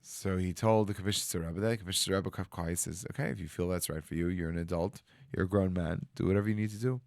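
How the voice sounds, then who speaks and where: A man's voice: sits low, steady tone, fast talker, creaky, darkish tone, no room sound, studio quality. A man, a rabbi telling a story and acting out the voices of the people in it. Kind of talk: storytelling talk. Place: studio.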